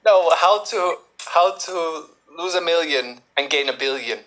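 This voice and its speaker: A man's voice: on the high side, unhurried, fairly bright tone. A man playing a boastful, money-mad mustached character in a put-on Salvadoran accent, blustering and indignant in live improv.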